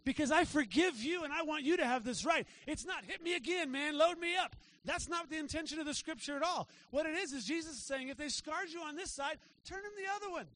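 A man preaching a sermon to his church, talking in a casual way and checking in with the congregation with quick asides. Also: very high-pitched, bright, forceful tone, slight background noise. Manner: conversational preaching with frequent "right?" asides. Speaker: pastor. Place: church sanctuary.

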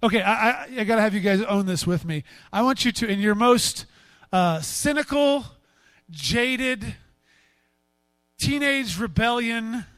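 Male pastor, sermon, very high voice, animated, acts out voices, dry close sound. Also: measured pace, no echo.

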